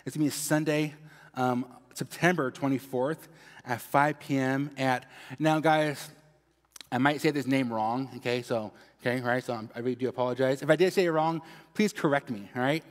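A man's voice: medium pitch, moderate pace. A man with a Mexican accent giving upbeat church announcements and a prayer, tagging "okay?" onto nearly every phrase. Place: church sanctuary. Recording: long hall reverb.

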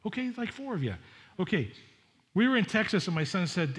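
A middle-aged pastor preaches in a chatty, animated manner, throwing asides to the congregation. His voice is high and a little fast.

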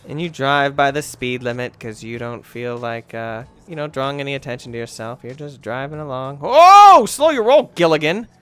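A gamer commentates a let's play in a mid-range, clear and resonant voice, talking fairly quickly with few pauses over faint background music. He's animated and jokey, chatting to himself about what he sees on screen.

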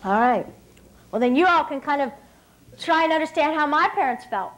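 A woman in her thirties from West Virginia, giving a lively motivational speech from a stage at an evening dinner and talking straight to the crowd. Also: high-pitched, normal speed, low-quality recording. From West Virginia, USA. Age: 30s. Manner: lively storyteller, often laughing, addressing the crowd directly. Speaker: dinner speaker.

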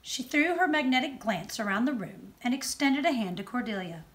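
A woman judge reading a children's book aloud with expressive storytelling. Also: on the high side, normal speed. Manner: expressive storytelling, softer on narration tags.

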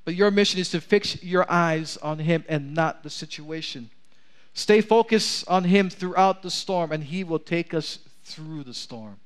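Male pastor, sermon, high voice, clear and resonant, large church. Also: measured pace. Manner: preaching with rising intensity, asks for amens.

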